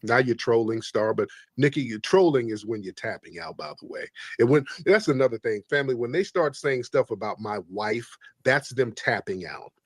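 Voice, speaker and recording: Husky man preaching on a call-in stream. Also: mid-range voice, animated, normal speed, hardly any pauses, no room sound. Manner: preachy, emphatic, repeats points. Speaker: livestream host. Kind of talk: combative call-in livestream talk.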